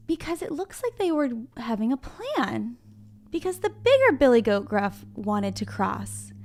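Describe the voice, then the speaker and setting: A kindergarten teacher in her classroom leads a reading lesson for young children, speaking to them directly and with encouragement. Her voice is a little high with a darkish tone.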